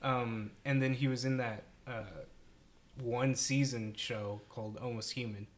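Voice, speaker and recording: A man on a casual movie podcast, thinking aloud with pauses and fillers. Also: medium pitch, fairly even intonation, a loud crowd. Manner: thoughtful, hesitant with fillers.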